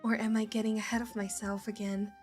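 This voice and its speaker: A woman imitating a young female fighter from a game, wistful and earnest, speaking softer and lower than her usual voice. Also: flat delivery, a little fast, soft background music, natural voice.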